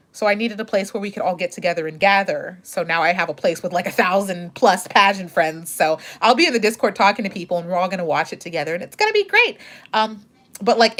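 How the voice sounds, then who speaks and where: Young female streamer, chatty and excitable, pitch jumps all over. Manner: bubbly, gushing, animated. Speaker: pageant commentator and livestream host. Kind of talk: casual livestream chat.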